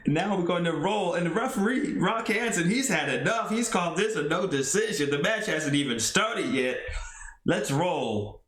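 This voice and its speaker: A man narrating a tabletop wrestling game play-by-play, excitable and chuckling along. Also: sits high, normal speed, roomy sound.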